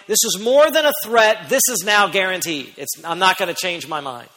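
A man preaching a sermon as pastor, who speaks emphatically and rises to near-shouts on key points. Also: sits high, animated, moderate pace, long reverb tail.

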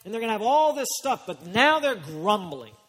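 A man preaching a sermon, dropping to hushed warnings and rising to loud urgent appeals, acting out his listeners' excuses. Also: high voice, sing-song, big-room sound. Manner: acts out listeners' excuses in quick quoted voices. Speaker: pastor.

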